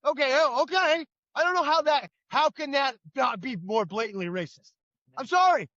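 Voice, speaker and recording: A man's voice: very high voice, big pitch swings, normal speed, bright, forceful tone, dry recording, lo-fi sound. A middle-aged man co-hosting a political talk show, ranting in an indignant, emphatic way. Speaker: co-host.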